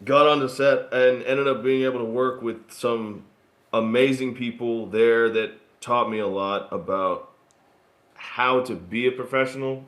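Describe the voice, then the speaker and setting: A man born in Australia and raised in Texas, telling stories as a guest in a casual interview, relaxed and rambling with fillers. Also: mid-range voice, measured pace. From born in Australia, grew up in Texas. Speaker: guest actor. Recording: roomy echo.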